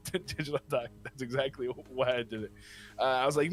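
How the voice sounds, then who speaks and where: A man's voice: fast talker, soft background music. A man co-hosting a morning radio show, reading gaming news as a jokey back-and-forth. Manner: playful, acts out silly back-and-forth with high squeaky replies. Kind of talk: casual comedic radio banter.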